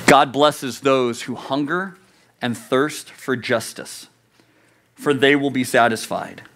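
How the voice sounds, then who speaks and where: A man's voice: medium pitch, slow, fairly bright tone. Earnest male youth pastor preaching. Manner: earnest, conversational preaching with rhetorical questions. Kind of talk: sermon.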